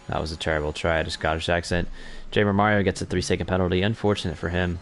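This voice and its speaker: A man's voice: sits low, steady tone, quick pace. A young man commentating an online racing league in a chatty, self-correcting way that picks up during on-track battles. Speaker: race commentator.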